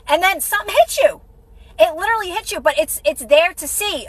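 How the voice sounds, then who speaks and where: A woman's voice: very high voice, lively intonation, a little fast, a bit bright, no room sound, low-quality recording. A woman hosting a casual motivational livestream, repeating herself encouragingly and greeting viewers by name. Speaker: livestream host.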